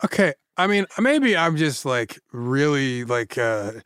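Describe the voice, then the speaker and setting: A man co-hosting a casual podcast, skeptical and quick with jokey interjections. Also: medium pitch, big pitch swings, fairly bright tone, clear, resonant tone, dry recording, studio quality. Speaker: podcast co-host. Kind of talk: casual chat.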